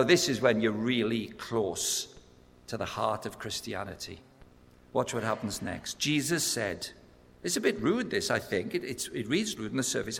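A man preaching a sermon, telling stories with acted-out voices and building to loud, emphatic peaks. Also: fairly high pitch, creaky. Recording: echoey hall sound.

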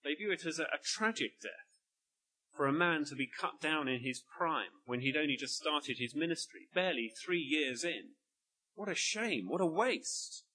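A man's voice: a little high, normal speed, bright, forceful tone, rough recording. A man preaching an earnest, emphatic sermon at a church service.

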